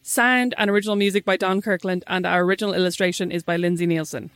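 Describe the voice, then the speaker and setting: A young woman co-hosting a podcast, chatting with her sister in a quick, opinionated and dryly witty way, then reading the show's sign-off. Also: lowish voice, steady tone, faint music behind. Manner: quick, opinionated, dry wit. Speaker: podcast co-host. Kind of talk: casual chat, podcast sign-off.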